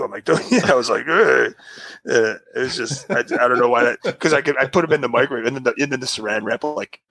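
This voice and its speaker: This middle-aged podcast co-host has a medium-pitched voice with vocal fry and a breathy edge, talking fairly quickly with no echo. He's an animated storyteller in casual conversation, acting out other people's quotes and laughing a lot.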